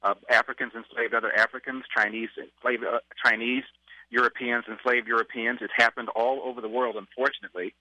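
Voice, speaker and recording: A man's voice: medium pitch, level tone, a little fast, pushed and bright, no echo, dull audio. A man, a radio host, calling in as a guest and arguing his point firmly. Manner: assertive, argumentative. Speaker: radio talk show host, guest caller. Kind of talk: phone-in interview.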